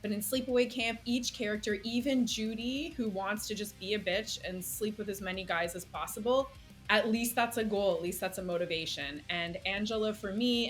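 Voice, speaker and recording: A woman's voice: mid-range voice, brisk, a bit bright. Woman guest on a casual panel show, blunt and sure of herself, faint music behind. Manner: confident, blunt.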